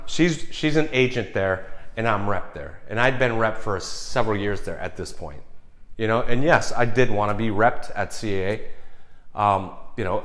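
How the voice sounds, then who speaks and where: A man's voice: on the low side, fairly bright tone. A man in his forties telling a story in a casual vlog monologue, rambling and cursing with many restarts. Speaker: vlogger.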